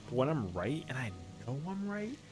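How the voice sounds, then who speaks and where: Male streamer, lively up-and-down delivery, slangy, faint music behind. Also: mid-range voice, moderate pace. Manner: slangy, animated, says yo and bro a lot. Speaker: game streamer. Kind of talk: casual stream chat.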